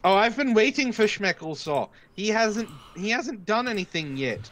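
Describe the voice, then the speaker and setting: A man's voice: high voice, animated, normal speed, fairly bright tone, slight background noise, poor audio. A man in casual chat on a live voice-chat stream, stammering and mocking.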